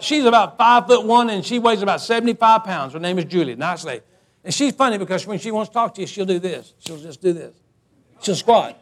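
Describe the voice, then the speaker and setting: Guy preaching w a high voice, folksy and animated, keeps repeating words telling a funny story. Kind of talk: sermon with humorous storytelling.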